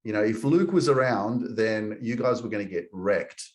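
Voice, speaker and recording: A man's voice: fairly low pitch, normal speed, darkish tone. A man hosting a podcast, talking in a reflective, open way with many "um"s and calling his guest "man". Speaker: podcast host. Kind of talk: casual podcast chat.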